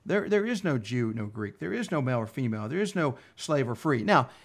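A man's voice: medium pitch, very animated, fairly quick. A man teaching from scripture, reading verses aloud in an earnest Bible study discussion.

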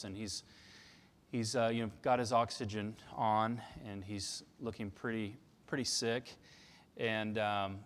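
A man preaching a sermon, telling stories conversationally and pressing points with emphasis. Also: lowish voice. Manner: conversational storytelling with emphatic passages. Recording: long reverb of a large hall.

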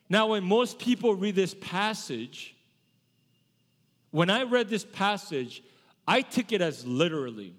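A male pastor delivers a sermon in a relaxed, conversational style, often stopping to correct himself. His voice sits a little high. The sound carries a long reverb, like a large church sanctuary. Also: unhurried. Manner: conversational preaching with self-corrections.

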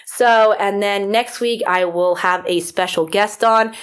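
A woman from Florida hosting a podcast in casual chat, rambling with many fillers, her voice a little rough from feeling unwell. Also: mid-range voice, unhurried. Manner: rambling, filler-heavy, self-deprecating. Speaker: podcast host.

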